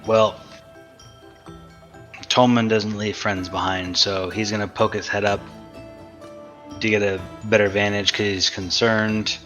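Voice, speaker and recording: Low-voiced player calmly declaring moves. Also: male voice, faint music behind. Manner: calm, deliberate statements of his character's actions. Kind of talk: tabletop game play.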